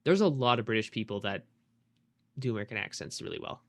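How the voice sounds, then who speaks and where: A man's voice: on the low side, sing-song, quick pace, gravelly. A young man streaming a game, chatting loosely with his viewers and swearing casually. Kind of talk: casual live-stream chat while gaming.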